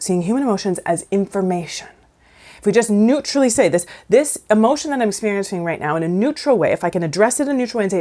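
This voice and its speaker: A woman counsellor explaining emotions in a conversational teaching talk, acting out inner voices with sudden pitch jumps. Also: warm tone.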